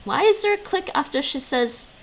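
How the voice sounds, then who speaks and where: A woman's voice: high-pitched, animated, normal speed, slight background noise, low-quality recording. A woman livestreaming at home, chatting casually and answering her viewers' messages aloud while she studies languages, with frequent laughs.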